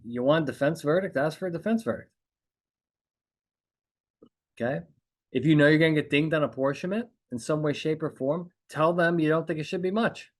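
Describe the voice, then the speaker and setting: A man hosting a podcast, coaching lawyers on courtroom speaking in an emphatic monologue. He repeats his points and keeps checking in with "okay?". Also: a little high. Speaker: trial consultant podcast host.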